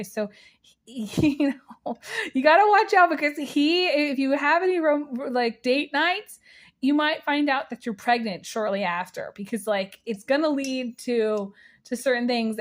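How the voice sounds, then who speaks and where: A woman giving a casual spiritual tea reading, rambling with many fillers and breaking into giggles. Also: sits high. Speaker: tea leaf reader.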